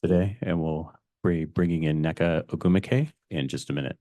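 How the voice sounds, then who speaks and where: A man with a deep voice runs the press conference and calls on reporters in a brisk, businesslike way. His voice sounds dry and close. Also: warm tone, no echo. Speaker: team media moderator.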